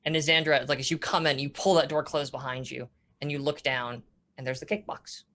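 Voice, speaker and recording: A woman's voice: sits low, level tone, fairly quick, fairly bright tone. A woman game master casually narrating a tabletop role-playing scene. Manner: casual, filler-heavy narration.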